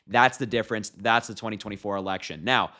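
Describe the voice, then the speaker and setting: A young man talks straight to his viewers about politics. His voice is bright and forceful, and his delivery is mocking and loose. He laughs often at his own points. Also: on the low side, fast talker. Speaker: political commentator. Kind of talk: casual political commentary.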